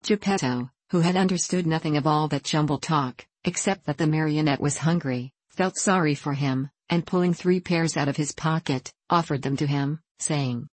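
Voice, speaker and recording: Low-voiced woman reading a storybook. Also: dry recording. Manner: steady, measured reading. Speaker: audiobook narrator. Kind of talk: storybook narration.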